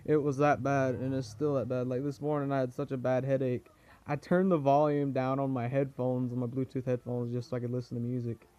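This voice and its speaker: A teenage boy with a bad cold and cough talks to camera in a rambling, complaining vlog. His voice is mellow and warm, sitting at an ordinary pitch for a young man. He drifts from story to story, often laughing at his own misery. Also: level tone, a little fast, no room sound. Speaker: vlogger. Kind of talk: casual vlog chat. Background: pet cockatiel.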